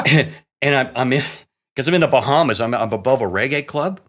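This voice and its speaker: A man, a guest, telling a story in a casual, animated way, often laughing and acting out what people said. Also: mid-range voice, a little fast. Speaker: guest cameraman telling stories.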